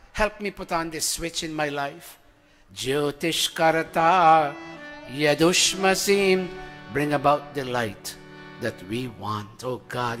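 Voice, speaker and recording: A middle-aged man leads a sermon with call-and-response chanting, moving from loud chant to hushed tones. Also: on the high side. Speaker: spiritual teacher leading satsang. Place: large hall before a congregation. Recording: long hall reverb, faint music behind.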